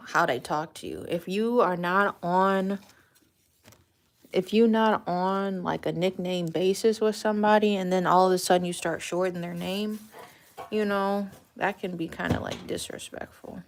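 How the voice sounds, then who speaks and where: A woman's voice: on the low side, fairly even intonation, normal speed, slight background noise. A woman hosting a casual livestream chat from a dim room at home, talking frankly in a rambling way and swearing casually. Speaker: livestream host.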